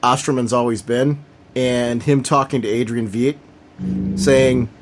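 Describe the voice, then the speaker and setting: Excitable man co-hosting a podcast. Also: medium pitch, unhurried, slight background noise. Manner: excited, acts out the scenes he retells. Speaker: podcast co-host. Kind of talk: casual comics discussion.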